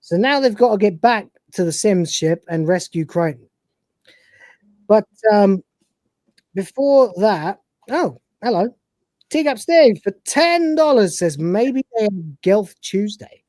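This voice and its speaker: A woman's voice: mid-range voice, expressive, slow pace, pauses often, darkish tone, no room sound. A woman co-hosting a live stream, giving a rambling, profane, casual recap of a TV episode and acting out its scenes. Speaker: podcast co-host.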